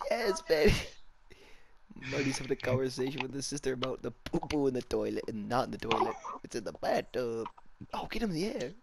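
A man's voice: mid-range voice, animated, brisk, creaky. A man in casual gaming chat, laughing so hard he keeps gasping for breath. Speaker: streamer in game chat. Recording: noisy background.

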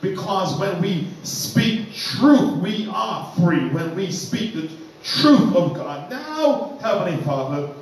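A man prays aloud with fervent, rhythmic repetition, his voice sitting a touch high for a man. The sound rings through a very echoey church room, picked up from well away from the mic. A faint hiss of background noise sits under it. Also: big pitch swings, takes it slowly, distant mic. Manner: fervent, rhythmic, repeating phrases in litany. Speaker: minister leading prayer. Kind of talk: opening prayer at a Bible study. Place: church, indoors.

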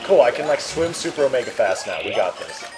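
A young man casually commentating a video game, excitable and crude with sudden loud yelps. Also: medium pitch, quick pace. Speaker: let's play gamer. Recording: game music under voices.

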